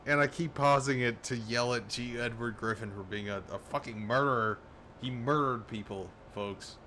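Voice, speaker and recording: A male streamer in a heated, profane rant, tripping over his words and breaking into laughs. His voice sits at an ordinary pitch. A faint hiss runs underneath. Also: moderate pace. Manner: animated, swears often, laughs mid-sentence; restarts and repeats words as he rants. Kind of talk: profane ranting commentary.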